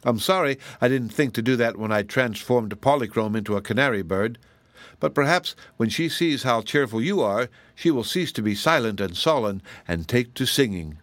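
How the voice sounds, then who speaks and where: A man's voice: mid-range voice, expressive, normal speed, a bit bright, no room sound, natural voice. Domineering giantess witch, gloating, storybook, read by a man, dry close sound. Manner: domineering, pleased with her power.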